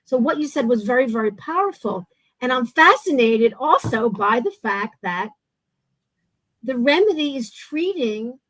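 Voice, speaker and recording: Woman host, high voice, dry close sound, animated storyteller with restarts. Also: no echo, low-quality recording. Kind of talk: casual interview chat.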